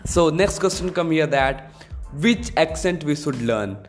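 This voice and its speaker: A man's voice: a little high, lively intonation, measured pace, soft background music. A man hosting his own solo podcast, explaining in an earnest, repetitive way. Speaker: podcast host.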